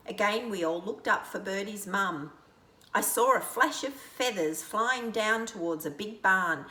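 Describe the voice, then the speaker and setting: Older grandma reading a storybook. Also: female voice, mid-range voice, unhurried. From Australia. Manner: playful, lively, laughing asides. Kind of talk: reading a children's storybook aloud. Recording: echoey room.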